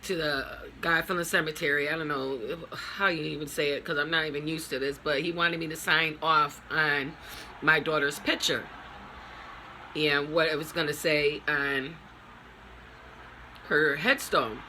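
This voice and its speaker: A grieving middle-aged woman talking in a personal vlog, halting and raw, in broken phrases. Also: deep voice, fairly even intonation, sharp tone, a little hiss or hum. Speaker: vlogger.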